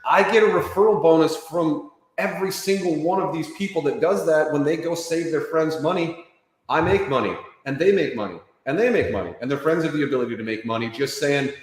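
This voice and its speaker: A man giving an interview, telling a fast, lively sales story and acting out the people he quotes. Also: fairly high pitch. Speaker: interview guest. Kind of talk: enthusiastic sales pitch in an interview. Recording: very echoey room with long reverb.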